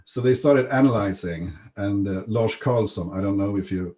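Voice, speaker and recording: A man from Sweden, chatting casually about chess in a measured, hesitant way with many fillers. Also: on the low side, mellow. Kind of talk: casual chat.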